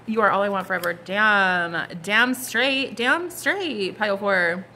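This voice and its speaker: A woman's voice: mid-range voice, a little slow, few pauses, sharp tone, slight background noise. A woman giving a casual, gushing tarot reading, full of slang and asides. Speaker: tarot card reader.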